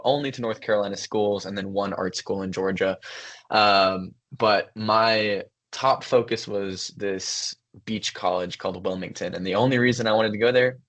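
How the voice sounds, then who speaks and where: Young guy on a podcast, lowish voice, chatty storytelling, lots of ums. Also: a bit bright. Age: young adult. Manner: thoughtful, storytelling, many fillers. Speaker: podcast co-host, son. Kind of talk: casual conversation.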